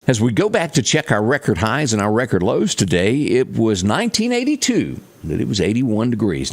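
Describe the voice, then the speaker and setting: A man's voice: mid-range voice, wildly swooping pitch, normal speed, hardly any pauses. A man with a Mississippi accent presenting a local morning weather report, chatting to viewers with folksy asides. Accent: Southern US, Mississippi.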